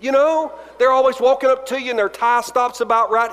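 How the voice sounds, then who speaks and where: A pastor in his forties from Alabama tells funny, self-deprecating stories in a chapel sermon, acting out the dialogue. His very high voice is smooth, fairly bright and fairly quick, with fairly even intonation, and the large chapel adds a long reverb.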